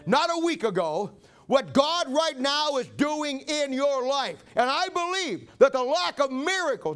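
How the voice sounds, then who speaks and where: A man's voice: extremely high pitch, fairly bright tone. A man preaching a sermon, retelling a Bible story in a dramatic, folksy way.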